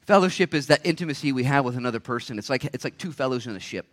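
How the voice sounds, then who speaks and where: A man preaching a sermon to a church congregation, impassioned, firing off rhetorical questions and swinging from hushed tones to shouts. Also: mid-range voice, lively intonation. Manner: rapid-fire rhetorical questions. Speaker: pastor. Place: church service.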